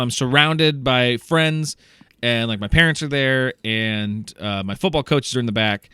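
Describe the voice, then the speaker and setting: A young man co-hosting a podcast, telling a story in a lively way, acting out the voices of the people in it and laughing often. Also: mid-range voice, a little slow, smooth, no room sound. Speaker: podcast co-host. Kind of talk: casual storytelling chat.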